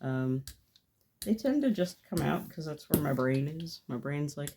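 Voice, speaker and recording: Deep-voiced and measured, with lively intonation, a woman narrates her gel plate printing as she works in her home craft studio. The mixed media artist is chatty and self-deprecating, laughing often at herself, and there is background noise.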